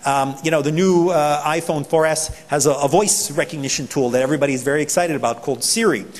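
A man with a New York accent gives a lively talk, his voice sitting a little high for a man. He plays out other people's reactions as he goes. The sound rings with a long reverb, as in a big lecture hall. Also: quick pace. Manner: animated, acts out people's reactions. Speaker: privacy advocate speaker. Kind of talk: conference talk.

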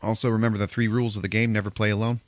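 Deep-voiced profane podcast host. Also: male voice, little pitch movement, racing, no room sound. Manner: profane, laughing, rambling storyteller. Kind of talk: casual movie recap.

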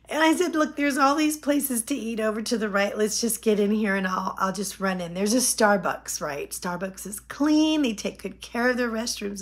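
Animated woman in her fifties telling a story. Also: on the high side, moderate pace, hardly any pauses. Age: 50s. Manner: animated, laughing often, acting out quotes. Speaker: vlogger. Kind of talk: casual storytelling.

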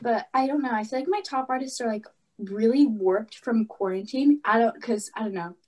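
Giggly teenage girl, slightly high voice. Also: normal speed, darkish tone. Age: teens. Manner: giggly, hesitant, many fillers. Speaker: student podcast co-host. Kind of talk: casual chat.

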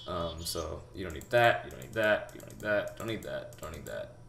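A young man giving a rambling, halting game tutorial, full of fillers and restarts, talking as if out of breath. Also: low voice, animated, gravelly. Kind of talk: casual gameplay tutorial. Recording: echoey room with loud background noise. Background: keyboard typing and mouse clicks.

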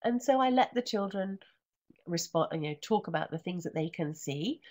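Animated, husky woman reading a picture book. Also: on the low side, normal speed. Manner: animated, sing-song chanting of the refrain. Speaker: teacher trainer. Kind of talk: reading a picture book aloud with teaching commentary. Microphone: computer microphone in an online session.

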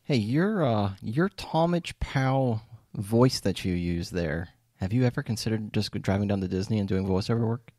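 Low-voiced laid-back podcast co-host. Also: male voice, expressive, normal speed, a little mellow, no echo, studio quality. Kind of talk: casual chat and show outro.

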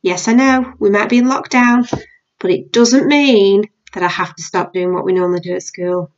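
A woman's voice: mid-range voice, fairly even intonation, normal speed, highs cut off. A British woman teacher reading a novel aloud to her class.

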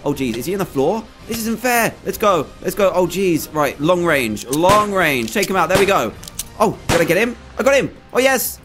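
A man giving excitable, chatty commentary over his own gameplay, with frequent exclamations. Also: fairly high pitch, moderate pace, faint music behind. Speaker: gaming video host. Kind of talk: let's play commentary.

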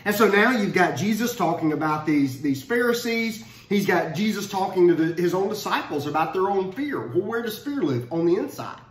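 A man giving a casual Bible study talk, conversational and animated, often restarting his phrases. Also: high-pitched, normal speed, few pauses. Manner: conversational, repeats words when restarting, animated. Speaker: Bible teacher. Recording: roomy echo.

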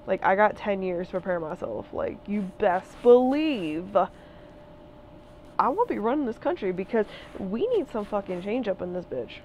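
In a vlog, a woman in her twenties launches into a heated, profane rant, repeating phrases over and over to drive her points home. Her mid-range voice has a sing-song lilt and a somewhat dark tone, moving at a moderate pace. The low-quality audio carries a faint hiss or hum.

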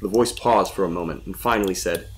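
A man reading a suspenseful story as a storyteller with steady narration. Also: sits low, fast.

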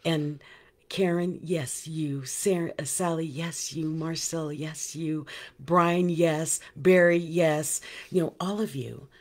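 Husky, chatty woman hosting a live call. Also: low voice. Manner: animated, chatty, addresses listeners by name. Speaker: motivational speaker hosting a live group call. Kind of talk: casual live-stream talk to an online group.

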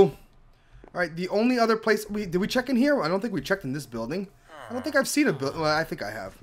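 A young man giving casual let's-play commentary while gaming, excitable and gushing, often repeating himself. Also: high-pitched. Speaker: gaming YouTuber.

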